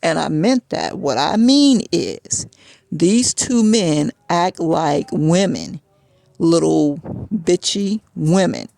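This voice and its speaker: A woman's voice: fairly low pitch, animated, slow, creaky, a little mellow, no room sound. A woman telling a personal story in a frustrated, agitated way, as a vlog rant.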